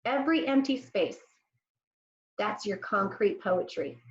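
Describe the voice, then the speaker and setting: Lively woman teaching young kids. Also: medium pitch, roomy sound, muffled recording. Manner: cheerful, slow and sing-song when reciting lines for kids to repeat. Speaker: elementary school teacher. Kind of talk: remote classroom lesson for young children.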